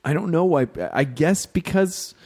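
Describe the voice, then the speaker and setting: A man chatting casually on a podcast, rambling and restarting, now and then acting out quotes in a high voice. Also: measured pace, darkish tone, breathy edge.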